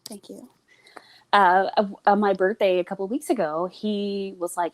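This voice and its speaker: A woman's voice: medium pitch, normal speed. A woman guest in casual podcast chat, telling a story and acting out the voices of the people in it. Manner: animated, acts out quoted voices.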